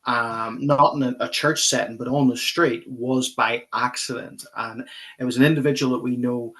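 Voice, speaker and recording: Earnest pastor telling a story. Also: male voice, mid-range voice, fairly even intonation, moderate pace, fairly bright tone. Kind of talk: telling a personal story as an interview guest.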